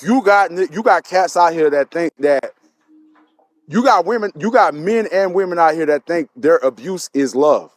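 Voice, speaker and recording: A man co-hosting a casual live stream, answering viewer comments, pressing his points and repeating them. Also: fairly high pitch. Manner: emphatic, repeats his points, frequent restarts. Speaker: livestream co-host.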